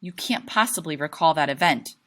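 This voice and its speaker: A woman reading the lines of a cold, menacing grown man in a calm, controlled voice. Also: low-pitched, a little fast.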